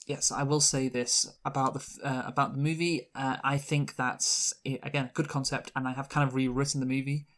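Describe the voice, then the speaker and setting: A man's voice: medium pitch, little pitch movement, fairly quick, hardly any pauses, fairly bright tone. A man co-hosting a movie review podcast in casual chat, hesitant and wry, often restarting his sentences.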